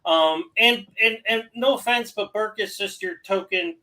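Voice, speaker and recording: A man's voice: high voice, a little slow, sharp tone, low-quality recording. A man from New Hampshire co-hosting a casual movie podcast, rambling with restarts and frequent laughs. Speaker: podcast co-host. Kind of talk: casual movie-review chat.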